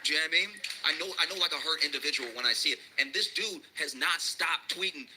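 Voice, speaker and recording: A man's voice: fairly high pitch, fast talker, background noise. A man doing a stand-up comedy routine. He tells a rambling story and often laughs through his own lines.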